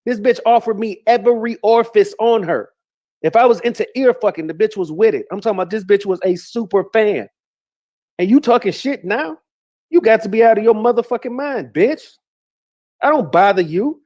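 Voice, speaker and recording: High-voiced man in a profane rant. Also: animated, moderate pace, a little mellow. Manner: heated, profane, repetitive insults. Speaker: YouTuber. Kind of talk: angry rant.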